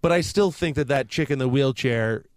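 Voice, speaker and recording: A man's voice: medium pitch, moderate pace, no echo. A man with a mid-range voice chimes into a casual chat with wry, questioning asides. The sound is dry and close.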